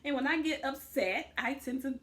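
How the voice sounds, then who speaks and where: Young woman loudly retelling tv drama, kinda high voice, bubbly and boisterous. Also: moderate pace. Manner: loud, boisterous storyteller who acts out quotes. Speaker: co-host reviewing a reality show. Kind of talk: casual recap chat.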